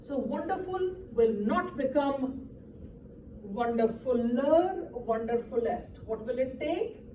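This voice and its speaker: A woman teaching a grammar lesson speaks slowly in a fairly high, mellow voice. She explains patiently and keeps checking that the class follows. She is recorded from across an echoey classroom, with faint background noise. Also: expressive. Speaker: English teacher. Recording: echoey room, distant mic, faint noise.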